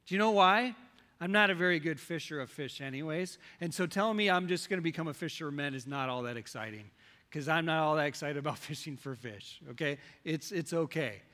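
Male preacher, slightly high and forceful, quizzes his congregation, recorded in a reverberant church hall. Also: animated, fairly quick. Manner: questions the congregation, swings between loud and soft. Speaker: pastor. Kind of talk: sermon.

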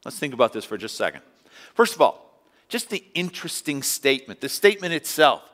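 Conversational preacher in a reverberant church. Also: male voice, mid-range voice, very animated, brisk, fairly bright tone. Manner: conversational preaching with acted-out asides. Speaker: pastor. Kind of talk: sermon. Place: church sanctuary. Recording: long hall reverb.

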